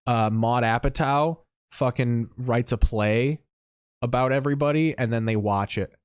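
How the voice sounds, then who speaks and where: A man's voice: medium pitch, unhurried, clean tone, no room sound, studio quality. A man in casual chat, walking a co-host through a TV show's plot and swearing freely. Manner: explains a TV show plot at length, swears casually. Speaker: podcast co-host.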